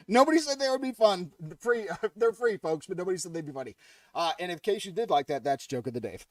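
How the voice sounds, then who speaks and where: A man's voice: high-pitched, expressive, fast talker, a little mellow, no echo, distant mic. Jokey, chatty man hosting a livestream. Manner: jokey, chatty, laughs at his own jokes. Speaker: livestream host. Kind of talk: casual live-stream chat.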